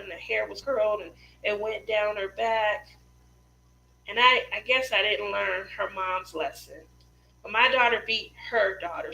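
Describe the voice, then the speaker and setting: A woman's voice: mid-range voice, creaky, sharp tone, reverberant, slight background noise, poor audio. A woman in her forties hosting a casual craft livestream, chatting and telling stories in a laughing, self-deprecating way from indoors at home. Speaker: craft channel host.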